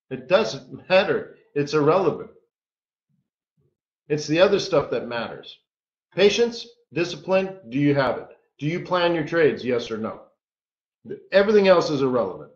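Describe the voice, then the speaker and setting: A man's voice: a little high, expressive, normal speed. A man coaching traders in a live-streamed lesson, talking in a casual, joking way and often tossing in "right?". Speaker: trading coach. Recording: roomy, dull lo-fi stream audio.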